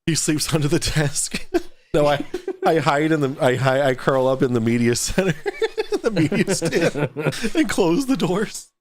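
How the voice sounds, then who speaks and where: A man's voice: a little high, expressive, a little slow. A man hosting a casual livestream talk show, joking, swearing and laughing a lot.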